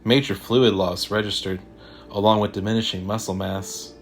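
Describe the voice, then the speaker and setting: A man's voice: fairly low pitch, fairly even intonation, normal speed, soft background music, close to an everyday voice. A man voicing a creepy female AI ventriloquist doll that speaks in a whispery sing-song and reads out clinical scans.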